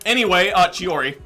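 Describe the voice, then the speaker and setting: A man's voice: high voice, sharp tone. A young man streaming a game, chatting casually and going off on tangents, full of "like" and "um". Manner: rambling, tangent-prone, heavy use of "like" and "um". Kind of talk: casual chat while gaming.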